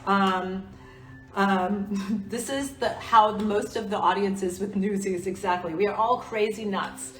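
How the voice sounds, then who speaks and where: Soft-spoken woman, distant echoey sound. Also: medium pitch, fairly even intonation, a little slow. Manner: soft-spoken, earnest, confiding. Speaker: actress and crystal jewelry seller hosting a live stream. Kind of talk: casual live-stream chat. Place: room with other people. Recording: roomy, distant mic.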